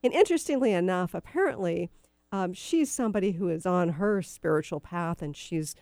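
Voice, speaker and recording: Chatty, low-voiced woman radio host. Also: lively intonation, normal speed, darkish tone, no room sound, studio quality. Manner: chatty, meandering with frequent fillers. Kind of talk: casual storytelling on talk radio.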